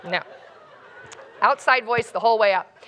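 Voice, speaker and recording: A woman keynote speaker telling a funny personal story in an animated, comic way. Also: a little high, normal speed, a little hiss or hum.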